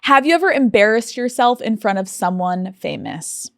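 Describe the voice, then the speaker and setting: A woman hosts a podcast interview, reacting quickly and playfully to her guests. Her voice is mid-pitched and recorded close and dry in the studio. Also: lively intonation, creaky, dry recording. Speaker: podcast host. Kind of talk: casual interview chat.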